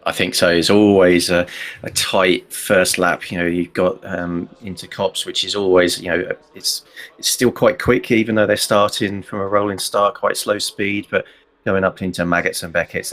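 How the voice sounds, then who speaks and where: A man co-commentating on a sim race, giving relaxed explanations of the track. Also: low voice, moderate pace.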